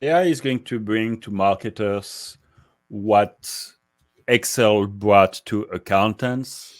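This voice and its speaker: Male guest expert, low voice, measured and explanatory, dry close sound. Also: no echo. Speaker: guest, market research executive. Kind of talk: interview answers.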